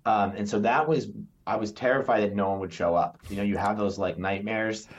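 A man's voice: on the low side, brisk, lo-fi sound. A man, a stand-up comedian, chatting on a podcast and telling stories with acted-out quotes. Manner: animated storyteller, acts out quotes. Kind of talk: casual interview chat. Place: New York area.

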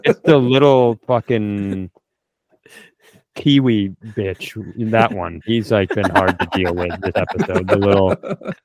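A man's voice: fairly low pitch, takes it slowly, darkish tone, no room sound. Profane blustering man, dry close sound. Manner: profane, mock-threatening, bluster. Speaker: podcast co-host. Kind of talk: improvised comedy banter.

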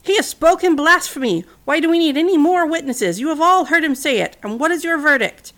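A woman plays an outraged high priest in a storybook, his voice pitched up and loud with accusation. The tone is gravelly underneath. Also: a little fast. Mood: indignant. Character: indignant male high priest pronouncing blasphemy.

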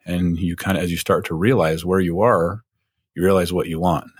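A man's voice: low-pitched, steady tone, fairly quick, no room sound, clean studio sound. A man spinning a long rambling story in casual chat, full of fillers.

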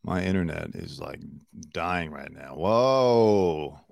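Low-pitched and gravelly with a slightly mellow touch, this man sounds animated yet takes his time. Recorded dry and clean in a Los Angeles home studio, he hosts a solo news commentary show, opinionated, chatty and heavy on fillers.

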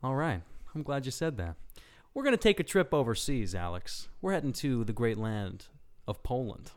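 Young guy podcasting, tells a story, very lively up-and-down voice, keeps cracking up. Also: mid-range voice, moderate pace. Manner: laughs often, animated and joking. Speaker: podcast host.

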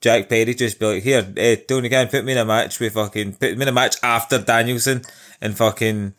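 A Scottish man with a mid-pitched voice, co-hosting a podcast. He tells sweary stories and keeps breaking into laughter. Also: fairly even intonation, brisk, a bit bright. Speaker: podcast co-host. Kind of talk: casual chat.

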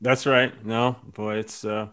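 A man's voice: fairly low pitch, a little slow, smooth. A man hosting a casual sports chat, telling stories with lots of fillers. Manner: animated storyteller with lots of fillers. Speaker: podcast host.

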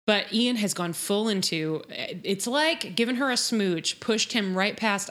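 With few pauses and a fairly bright tone, this woman speaks at medium pitch and moderate speed. As a podcast co-host, she's relaxed and lively, retelling scenes in a casual recap.

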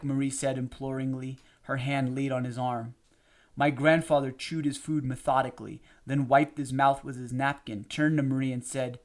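A man narrating a memoir audiobook in a measured, steady reading. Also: mid-range voice.

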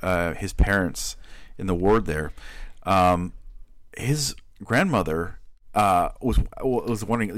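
A man co-hosts a casual book podcast, searching for words and restarting his sentences. His voice sits low, with a close, dry sound. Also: dry recording. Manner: halting, many restarts. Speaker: podcast co-host.

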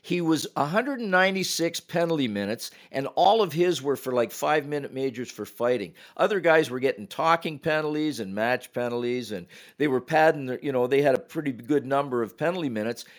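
Older man, podcast guest, animated anecdotal storyteller with punchy quoted lines. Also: mid-range voice, a little fast, hardly any pauses. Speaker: retired hockey referee, guest. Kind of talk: casual storytelling.

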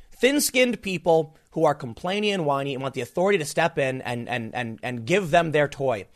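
A man in his thirties with a somewhat higher voice, talking through a political commentary monologue. He sounds incredulous and emphatic, his pitch jumping sharply up on his disbelieving questions before dropping low again. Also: a bit bright. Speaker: podcast host and commentator.

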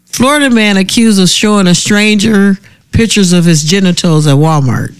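High-voiced man reading odd news. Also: normal speed, clear, resonant tone. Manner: laughs often, reads stories aloud with banter. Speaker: podcast co-host. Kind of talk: casual chat reading news stories.

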